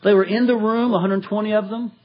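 A man's voice: sits high, quick pace, muffled recording. A man from Tennessee preaching a verse-by-verse sermon, acting out quotes in a raised voice. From Tennessee, USA. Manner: animated, acts out quotes in a raised voice. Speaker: pastor. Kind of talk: expository sermon.

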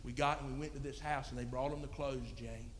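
A man's voice: mid-range voice, fairly even intonation, brisk, slight background noise. A man preaching a sermon, telling a story in a folksy, plain-spoken way. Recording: long reverb in a hall.

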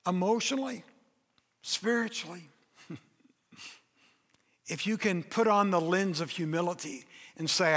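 Brief: older male pastor, high bright voice, emphatic sermon, long hall reverb. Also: a little slow, long pauses. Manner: emphatic preaching, acts out quoted voices.

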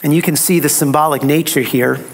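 A man with a high-pitched voice delivers a sermon. He speaks slowly and dramatically. He repeats key phrases for emphasis. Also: fairly even intonation, gravelly, slight background noise. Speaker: preacher. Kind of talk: expository sermon.

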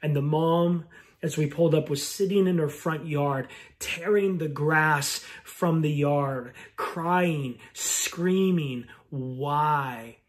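Slow, reflective male pastor preaching. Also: a little high. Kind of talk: sermon.

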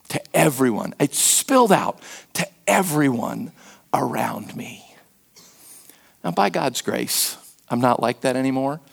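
Animated, lively-voiced male pastor preaching. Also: vocal fry. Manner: storytelling, acts out quotes with sudden pitch jumps; drops to a hushed near-whisper for emphasis. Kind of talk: sermon.

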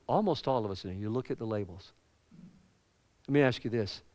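A man's voice: lowish voice, a little fast, a little mellow, no room sound. Southern pastor guy preaching, chatty, asks the crowd stuff, dry close sound. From American South. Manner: conversational preaching with asides and questions to the congregation. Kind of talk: sermon.

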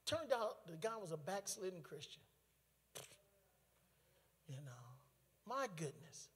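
A high-pitched man preaches a personal testimony, his voice ringing through a big hall with a long echo. He tells his story in an animated way, full of asides and laughter. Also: takes it slowly, slightly rough. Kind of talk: testimony sermon.

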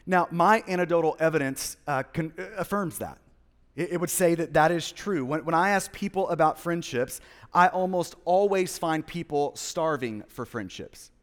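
An earnest man in his thirties preaching a sermon with a high voice. He repeats words and restarts his sentences as he goes. His voice carries a long reverb, as if from a large church hall. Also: moderate pace. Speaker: pastor.

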